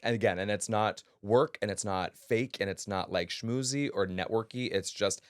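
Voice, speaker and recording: Earnest deep-voiced podcast co-host. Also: male voice, moderate pace, no room sound, studio quality. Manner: earnest, chatty, many fillers. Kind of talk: casual podcast chat.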